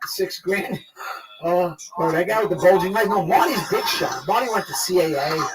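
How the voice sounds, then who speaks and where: A man with a New York accent telling a profane story as a guest, loud and excitable, acting out the quotes. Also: high-pitched, normal speed. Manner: loud, excitable, swears a lot, acts out quotes. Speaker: guest actor. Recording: distant mic, noisy crowd behind.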